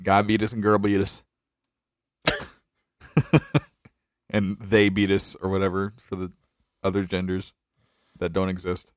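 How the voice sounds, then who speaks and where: A young North Carolina man hosts a casual podcast chat, joking, laughing a lot, and trailing off into restarts. His low voice is monotone and unhurried with frequent pauses, recorded in studio quality with no echo.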